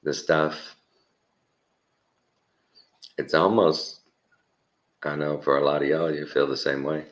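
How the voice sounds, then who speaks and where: A man with a Texan accent and an extremely deep, low voice talks through a casual opinion monologue. He rambles and chuckles, and he repeats words to hammer a point home. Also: gravelly, a bit bright. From Texas. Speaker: commentary host.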